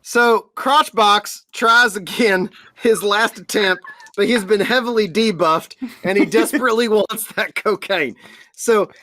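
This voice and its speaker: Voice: mid-range voice, a little slow, bright, forceful tone, slight background noise. A game master narrating a tabletop game, laughing often and telling it with crude, playful humor.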